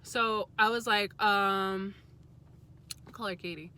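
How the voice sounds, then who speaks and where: A young adult woman vlogger telling a story in a casual, chatty way, candid and quick to swear. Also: mid-range voice, fairly even intonation, bright, forceful tone.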